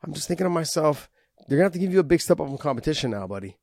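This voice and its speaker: A man's voice: a little high, very animated, rapid-fire, darkish tone, dry recording. Man, podcast host, casual chat, loose and profane, dry close sound. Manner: profane, easygoing, rambling.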